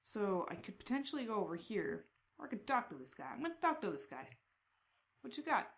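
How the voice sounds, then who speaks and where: A woman playing a text adventure, reading the descriptions aloud and breaking into excited reactions. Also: mid-range voice, brisk. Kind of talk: casual game playthrough.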